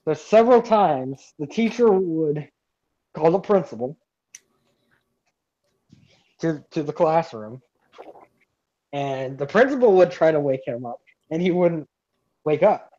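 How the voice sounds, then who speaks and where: Man, casual rambling storyteller, slightly high voice, dull lo-fi recording. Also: animated, slow, long pauses, warm tone. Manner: rambling, many restarts and fillers. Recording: dull lo-fi sound.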